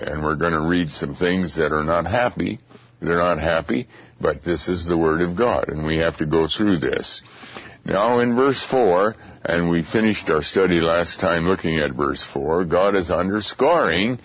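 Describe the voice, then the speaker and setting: A man teaching a Bible study lecture, speaking deliberately and repeating phrases for emphasis. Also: sits low, husky, no echo, lo-fi sound.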